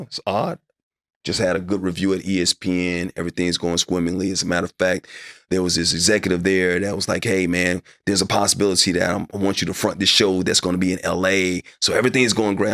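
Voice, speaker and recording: Man, middle-aged, low gravelly voice, animated storyteller, reenacts conversations, pitch jumps when worked up. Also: normal speed, no echo, clean studio sound. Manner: acts out his own past dialogue, voice climbing high when upset. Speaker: interview guest, sports broadcaster.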